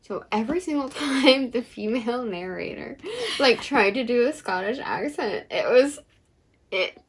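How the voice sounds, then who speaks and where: A woman's voice: on the high side, expressive, measured pace, a crowd in the background. A young woman co-hosting a book vlog, chatting casually with lots of fillers and frequent laughs. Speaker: book vlogger co-host. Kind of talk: casual chat.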